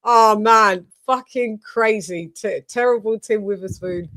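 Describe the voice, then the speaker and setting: A woman hosting a casual boxing stream, telling lively stories and swearing freely. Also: mid-range voice, measured pace, no echo. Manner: animated storyteller, swears freely, acts out quotes. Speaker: host. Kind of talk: casual chat on a livestream.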